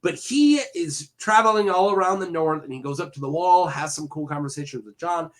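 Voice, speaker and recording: A man's voice: on the high side, a little fast. A man casually retelling fantasy lore for a video, rambling with many fillers and self-corrections and throwing in jokey asides to the viewer.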